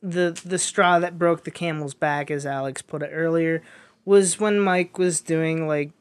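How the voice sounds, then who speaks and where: A man's voice: fairly high pitch, fairly even intonation, measured pace, clear, resonant tone. A young man telling a rambling story in casual chat, with lots of fillers and restarts.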